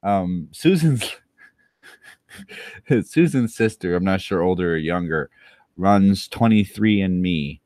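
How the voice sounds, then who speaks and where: A slightly drunk man rambles in a low, unhurried voice, drifting into crude jokes and poking fun at himself. His delivery is loose and meandering. The sound is dry and close, with no room around it. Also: darkish tone, dry recording. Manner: meandering, self-mocking, crude asides. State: tipsy from rum. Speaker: channel host. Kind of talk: rambling solo commentary.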